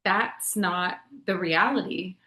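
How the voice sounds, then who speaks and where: A woman's voice: on the low side, slow, bright, forceful tone. A woman co-hosting a podcast over a video call, talking in a casual, reflective way and building on her partner's points. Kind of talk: casual conversational podcast chat. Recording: roomy, echoey video call audio.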